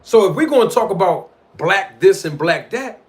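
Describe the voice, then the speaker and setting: Animated, argumentative man streaming live. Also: high-pitched, normal speed. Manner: animated, argumentative, addresses live chat directly; slangy street talk. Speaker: livestream host. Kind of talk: boxing commentary livestream.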